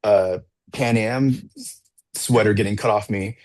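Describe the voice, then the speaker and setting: A low-voiced man chats as a podcast guest, a coach telling a long personal story. He rambles, restarts his sentences, fills them with "like" and acts out the voices of the people he quotes. The sound is dry and close, with no room echo. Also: unhurried, a little mellow. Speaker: assistant track and field coach, podcast guest. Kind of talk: casual storytelling in an interview.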